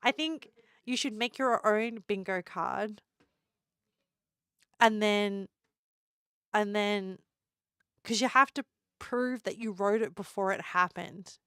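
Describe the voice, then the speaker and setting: Giggly woman streamer, slow and playful. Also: mid-range voice, a bit bright, smooth, no echo, studio quality. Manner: giggly, playful teasing of chat. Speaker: live streamer. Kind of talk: casual live-stream chat.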